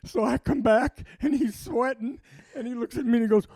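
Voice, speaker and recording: A man's voice: very high voice, brisk, a little mellow, breathy edge. An older man, telling a rambling story on a podcast, laughing and restarting often. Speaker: podcast guest. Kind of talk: casual anecdote telling.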